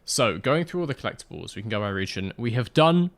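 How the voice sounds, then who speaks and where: Quick, very animated, and low-ish with vocal fry, a man livestreams a driving game, chatting casually into a close desk mic and wandering through asides as he responds to viewers.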